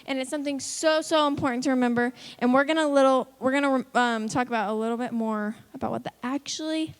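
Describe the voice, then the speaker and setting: Upbeat kids' church leader, woman, high voice, coaxing. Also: quick pace. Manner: upbeat, coaxing, calls out countdowns. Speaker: children's ministry leader. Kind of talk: leading a kids' church lesson. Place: children's church room.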